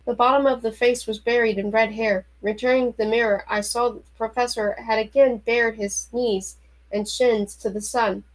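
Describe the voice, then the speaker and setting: A woman reading a novel aloud in an expressive way, with startled, anxious turns. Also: fairly high pitch, moderate pace, poor audio. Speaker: reader.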